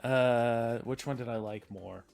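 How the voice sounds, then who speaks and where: A man's voice: medium pitch, takes it slowly, creaky, a little mellow, soft background music. A young man co-hosting a live stream, who also hosts a radio show, joking easily with his co-host. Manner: easygoing, teasing banter. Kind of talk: casual live-stream chat.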